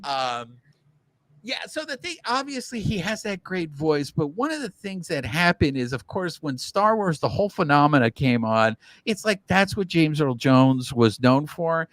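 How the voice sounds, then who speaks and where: A man's voice: a little high, very animated, normal speed, a bit bright, no room sound. A man co-hosting a baseball podcast, chatting casually and animatedly, often restarting his sentences. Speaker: podcast co-host. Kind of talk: casual sports chat.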